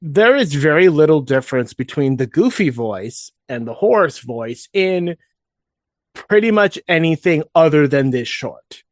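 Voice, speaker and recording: A man's voice: fairly high pitch, sing-song, unhurried, dry recording, studio quality. A man co-hosting a casual fan podcast, rambling with frequent restarts and asides. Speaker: podcast co-host.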